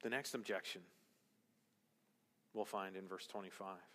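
A man preaching a sermon as pastor, emphatic, rising to loud, high exclamations and dropping to quiet, low stretches. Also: fairly even intonation, a little slow. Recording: long reverb of a large hall.

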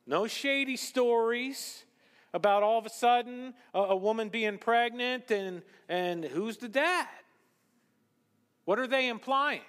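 A man preaching a sermon as pastor, swinging between loud emphasis and hushed asides. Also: high voice, animated, unhurried. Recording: long hall reverb.

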